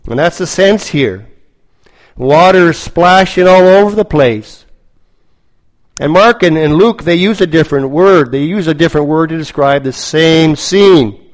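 A man preaching a sermon, telling a story slowly and dramatically, with lots of repetition. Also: fairly high pitch, low-quality recording.

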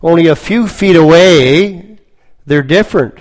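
A man preaching a sermon, telling a story slowly and dramatically, with lots of repetition. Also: fairly high pitch, rough recording.

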